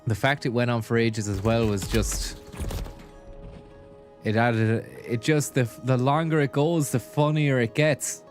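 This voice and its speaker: A man's voice: mid-range voice, steady tone, a little slow. Chatty guy on a headset streaming a game, faint music behind. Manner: rambling, chatty, thanks viewers. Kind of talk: casual gaming commentary.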